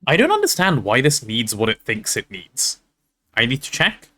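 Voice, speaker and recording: A man chatting casually while playing on a game stream, talking to his chat and thinking out loud. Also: mid-range voice, wildly swooping pitch, normal speed.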